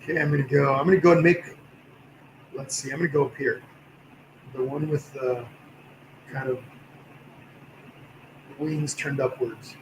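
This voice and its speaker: A man with a slightly tired voice, teaching a livestream painting class in a relaxed, encouraging way while he works. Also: mid-range voice, a little slow, pauses often, echoey room, background noise. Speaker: painting instructor.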